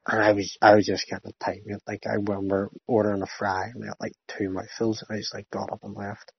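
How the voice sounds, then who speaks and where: A young man with a husky, slightly low voice rambles through a casual chat, swearing freely. His talk is animated and loose. The sound is dull and lo-fi. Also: fast.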